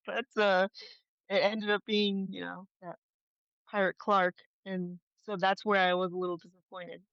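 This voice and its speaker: A woman's voice: medium pitch, flat delivery, unhurried, long pauses, smooth, no room sound, lo-fi sound. A woman guest co-hosting a casual movie podcast, giving short blunt replies and laughing along. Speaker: guest co-host. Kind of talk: casual movie review chat.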